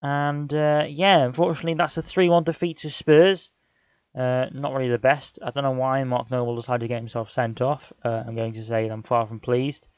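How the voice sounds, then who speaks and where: A man's voice: medium pitch, little pitch movement, normal speed, a little mellow, smooth, dry recording, dull audio. A young man commentating on a football management game, often frustrated and exclaiming at the action. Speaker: gaming channel host.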